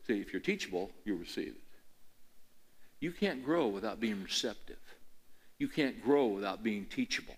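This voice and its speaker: A man's voice: fairly low pitch, expressive, moderate pace, pauses often, breathy edge. An older man preaching a conversational sermon, telling rambling folksy stories and building to emphatic, repeated questions. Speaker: pastor.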